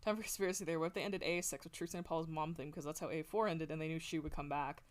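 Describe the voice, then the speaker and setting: A woman's voice: sits low, fairly even intonation, very fast. A woman streamer chatting casually and rambling, swearing a lot and laughing often, on a close desk mic at home. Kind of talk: casual stream chat while drawing.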